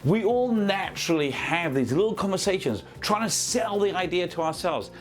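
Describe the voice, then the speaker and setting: A man coaches sales teams in a talk to the camera. His slightly high voice rises and falls animatedly as he acts out little scenes. He keeps it chatty and practical. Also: normal speed, soft background music. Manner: lively, conversational, acts out examples. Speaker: business trainer and coach.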